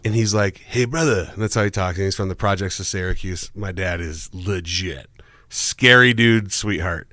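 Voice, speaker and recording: A man's voice: moderate pace, dry recording, studio quality. A man co-hosting a podcast, casually telling a story, swearing often and mimicking others. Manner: animated, swears a lot, mimics his dad in a low gruff voice. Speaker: podcast co-host.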